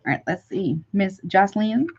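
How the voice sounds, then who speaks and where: A woman reading tarot live to her viewers in a chatty, affectionate way, calling them honey as she pulls cards. Her voice sits at an ordinary middle pitch. The sound is a bit dull and lo-fi, like a home stream mic. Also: normal speed, slight background noise. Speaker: tarot reader.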